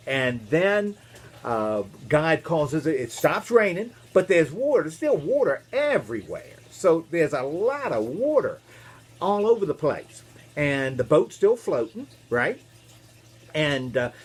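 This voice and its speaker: Animated minister telling a kids' story. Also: male voice, a little high. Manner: animated, playful, asks kids questions, makes animal noises. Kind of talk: storytelling for children.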